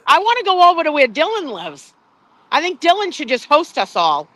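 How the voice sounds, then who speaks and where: A woman's voice: high voice, very animated, moderate pace, bright, forceful tone, no room sound. A woman live streaming by phone outside a courthouse, chatty, greeting viewers by name and swearing casually. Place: outdoors at a courthouse.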